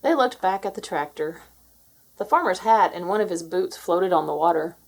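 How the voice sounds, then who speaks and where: A woman narrating a children's picture book aloud in an expressive storytelling manner. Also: on the low side, moderate pace, gravelly. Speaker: storybook reader.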